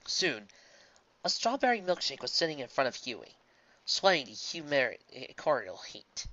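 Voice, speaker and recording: A man reading fan fiction aloud in a plain, even way, on a dull lo-fi recording. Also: fairly high pitch, measured pace. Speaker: reader.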